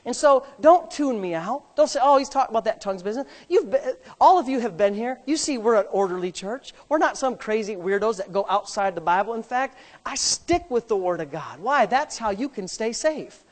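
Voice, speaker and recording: A man, a pastor, preaching a sermon with emphatic delivery that swings from soft asides to loud shouts, joking with the congregation now and then. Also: high voice, expressive, normal speed, few pauses. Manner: jokes with the congregation.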